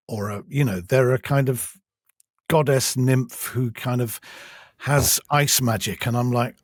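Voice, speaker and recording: Self-deprecating husky English man. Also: mid-range voice, unhurried, dry recording, clean studio sound. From England. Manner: self-deprecating, hesitant, many restarts. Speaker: audiobook narrator, guest. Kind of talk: casual interview chat.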